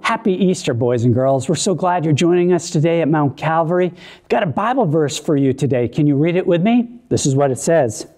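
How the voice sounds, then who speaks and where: A man giving a children's message in church, animated and encouraging as he speaks to the kids. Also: fairly high pitch, a little fast, faint music behind. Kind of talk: children's sermon.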